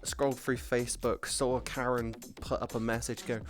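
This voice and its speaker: A man's voice: mid-range voice, normal speed. A man streaming and chatting casually, swearing often and telling stories with energy. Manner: swears a lot, animated storytelling. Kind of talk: casual chat.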